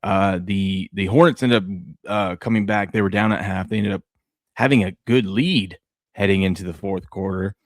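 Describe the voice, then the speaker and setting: A man with a lowish voice rambles through game recaps and family stories on a morning sports podcast. His delivery is excitable and loose, with lots of fillers. The sound is dry and close. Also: moderate pace, no echo. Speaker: podcast co-host. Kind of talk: casual sports chat.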